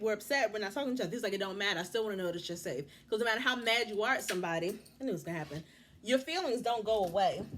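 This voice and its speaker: A woman in her thirties giving a casual TV recap, animated and indignant, talking straight to the people on the show. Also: mid-range voice. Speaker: TV recap vlogger.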